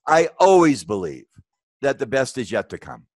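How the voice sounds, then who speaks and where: An older man giving an earnest, emphatic webinar talk over a video call, his pitch jumping up when he stresses a point. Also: very animated, normal speed, dry recording. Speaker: webinar guest speaker. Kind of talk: presentation and discussion.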